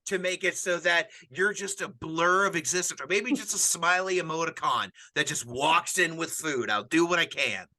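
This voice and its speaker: A man's voice: fairly high pitch, moderate pace, few pauses, pushed and bright. A middle-aged man, a pastor and podcast host, talking earnestly about grief in a casual chat, often restarting his sentences. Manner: earnest, rambling with frequent restarts. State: widowed, grieving.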